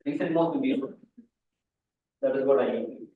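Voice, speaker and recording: A man's voice: mid-range voice, fairly quick. A man giving a mathematics lecture at a conference, rambling with restarts and asides to the students. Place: lecture hall. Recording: echoey hall, far mic, phone-like band.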